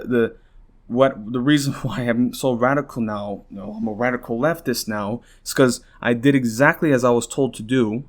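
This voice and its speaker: A young man hosting a podcast, venting in a rambling, frustrated rant full of swearing and restarts, worn out and close to tears. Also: medium pitch. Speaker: podcast host.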